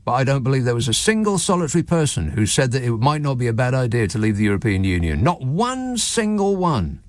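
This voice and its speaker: A man's voice: medium pitch, big pitch swings, a little fast, no echo. A man hosting a talk radio phone-in, sardonic and mocking, chuckling at his own jokes. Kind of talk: late-night talk radio monologue.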